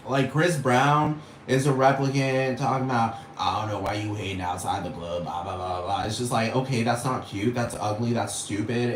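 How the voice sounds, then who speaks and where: A man in a rambling, profane rant, scoffing and exasperated, with constant swearing. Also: mid-range voice. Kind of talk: profane ranting monologue. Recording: echoey room with faint noise.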